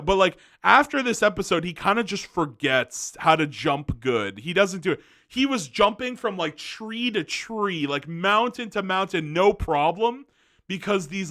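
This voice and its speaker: A man's voice: high-pitched, bright, forceful tone. A young man giving a casual, rambling movie review, often restarting his sentences.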